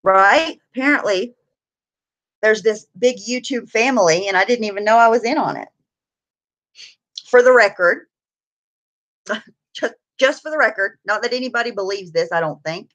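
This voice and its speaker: A woman's voice: mid-range voice, moderate pace, pauses often, fairly bright tone. Woman live-streamer, worn out, loose and chatty; greets the chat by name, laughs often. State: tired.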